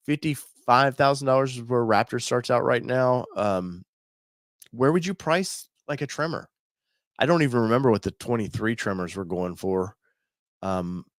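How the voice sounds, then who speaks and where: A man with a lowish voice rambles casually as he hosts a car channel, thinking out loud and stopping to restart his sentences. The sound is dry and close, with no room around it. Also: dry recording. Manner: rambling, thinking aloud with many fillers and restarts. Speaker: automotive channel host. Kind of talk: casual talk while browsing a website.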